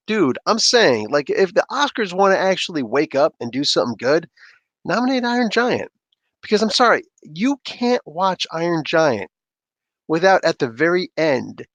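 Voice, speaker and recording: A man hosts a casual comics livestream, talking freely and answering chat as he goes. His voice sits a bit high and swings widely in pitch, laughing often. The sound is dry and close, with no room echo. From Canada. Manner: animated, laughs often, reads chat aloud. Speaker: livestream host.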